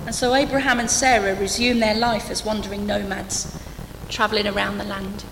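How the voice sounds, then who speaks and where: A woman's voice: mid-range voice, level tone, fairly quick, background noise. A woman preaching a sermon to her church, conversational and humorous, with dry asides. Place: church hall. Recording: echoey church hall, faint ambience.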